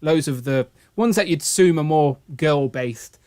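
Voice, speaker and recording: A man's voice: a little high, measured pace, a little mellow, clear, resonant tone. A man casually hosting a toy livestream, joking and reading out chat comments. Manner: chatty, jokey, reads out chat comments. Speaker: livestream host.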